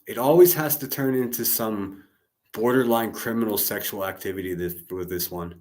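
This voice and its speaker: A man's voice: fairly low pitch, moderate pace, darkish tone. Profane, sarcastic male streamer. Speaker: streamer reacting to a clip. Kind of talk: live-stream commentary.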